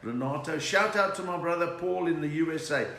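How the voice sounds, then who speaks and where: Middle-aged man, jokey live-stream host, slightly high voice, roomy echo and faint hiss. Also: fairly quick, creaky, a bit bright. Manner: chatty, reads out viewer names and greetings, jokey. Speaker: comedian hosting a live stream. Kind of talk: casual live-stream chat. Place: room at home.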